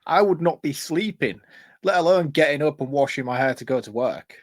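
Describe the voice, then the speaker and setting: A man co-hosting a casual film review podcast, blunt and expressive, swearing freely. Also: on the high side, brisk, dry recording, clean studio sound. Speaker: podcast co-host.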